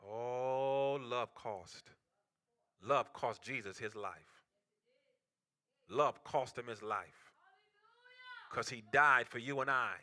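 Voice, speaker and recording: Bright-voiced preaching man, impassioned. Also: mid-range voice, slow, pauses often. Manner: impassioned preaching, swinging from loud outcries to hushed near-whispers. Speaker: pastor. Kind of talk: sermon. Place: church.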